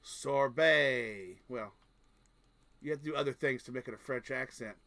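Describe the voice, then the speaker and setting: A man's voice: medium pitch, steady tone, racing, a bit bright, dry recording. A man streaming a game, chatting casually in a rambling, joking and crude way. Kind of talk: casual gaming chat.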